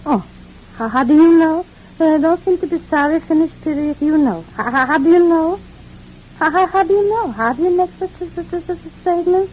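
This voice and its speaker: A woman's voice: very high-pitched, brisk, darkish tone, slight background noise. A rambling immigrant mother with a lilt. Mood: chatty. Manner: stammering repeats, rambling and philosophizing. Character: talkative kindly immigrant mother, fussing hostess. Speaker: mother of the family. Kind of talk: 1940s radio acting. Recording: dull old radio recording.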